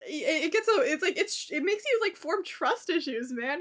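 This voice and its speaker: Chatty, high-voiced young woman streamer. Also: moderate pace, few pauses. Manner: animated, chatty, swears casually. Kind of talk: casual gameplay commentary.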